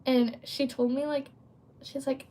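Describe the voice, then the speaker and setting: A woman's voice: sits high, little pitch movement, measured pace, mellow. A woman hosting a casual livestream, rambling with lots of fillers and breaking off to read and answer chat. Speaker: livestream host.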